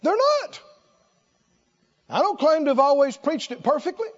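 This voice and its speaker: High-voiced emphatic male preacher. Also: very animated, normal speed, highs cut off. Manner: emphatic, repeats phrases, exclaims. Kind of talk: sermon.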